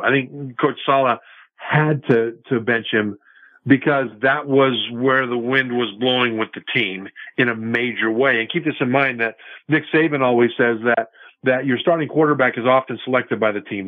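A man calling in as a football analyst guest, giving measured, confident analysis over the phone. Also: medium pitch, no room sound. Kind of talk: phone-in sports talk. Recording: tinny phone line, dry.

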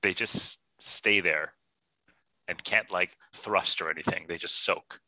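A man co-hosting a podcast in casual, playful banter, animated and quick to act out silly voices. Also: sits low, no room sound, poor audio. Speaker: podcast co-host.

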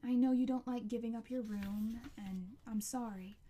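A woman voicing a tired, gentle mother who is ill and still jokes softly with her son. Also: fairly high pitch, fairly even intonation, normal speed, a little hiss or hum, natural voice. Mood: tender.

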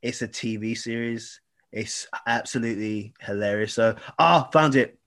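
A man chatting casually with friends, animated and given to sudden loud exclamations. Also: medium pitch, moderate pace. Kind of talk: casual chat.

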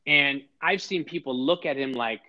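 A middle-aged podcast guest with a mid-range, sharp-toned voice tells heartfelt personal stories at a moderate pace. He is earnest and emphatic, often restarting sentences and repeating words as he begins them, and the recording sounds slightly dull and lo-fi.

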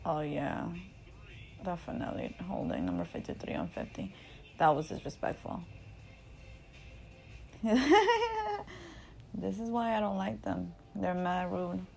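A woman casually telling a story in an animated, profane, slangy way, often laughing. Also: lowish voice, unhurried, creaky, long pauses, faint music behind, rough recording. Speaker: storyteller recounting a game.

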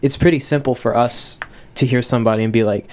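A young man from the United States, an actor, talking in a casual radio interview, measured and a little hesitant. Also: mid-range voice, fairly even intonation. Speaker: actor guest on radio show.

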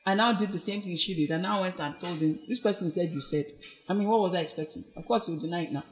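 A woman as a podcast guest, telling her personal story in an earnest, reflective way and animatedly acting out what others said. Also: rapid-fire. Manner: animated, acts out quoted speech with big pitch swings.

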